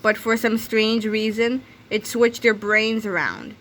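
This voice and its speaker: Brief: a woman playing a matter-of-fact storybook schoolboy, bright voice. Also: fairly high pitch, steady tone, a little slow, slight background noise. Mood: explaining.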